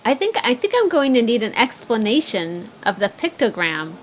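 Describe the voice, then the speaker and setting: A woman's voice: fairly high pitch, sing-song, normal speed, slight background noise. A woman co-hosting a casual livestream chat, easygoing and laughing often. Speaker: co-host.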